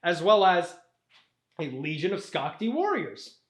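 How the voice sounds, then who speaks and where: A man's voice: high voice, sing-song, unhurried, reverberant. A young man casually retelling a sprawling story for laughs, swearing often and laughing at his own slips. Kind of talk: casual comic storytelling with put-on character voices.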